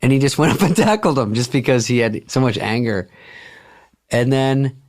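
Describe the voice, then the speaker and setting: A man telling a story with dry, wry humor and casual swearing as a guest in a relaxed chat. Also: mid-range voice, moderate pace.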